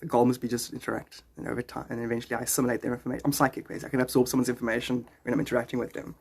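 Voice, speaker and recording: Husky-voiced man rambling on a livestream. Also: medium pitch, little pitch movement, racing, a little mellow. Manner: rambling, joking, chuckling often. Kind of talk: casual livestream chat.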